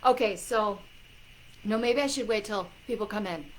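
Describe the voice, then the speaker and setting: A woman hosting a casual livestream as a psychic coach, warmly greeting viewers by name with loud excited bursts. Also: mid-range voice, moderate pace, slight background noise, poor audio.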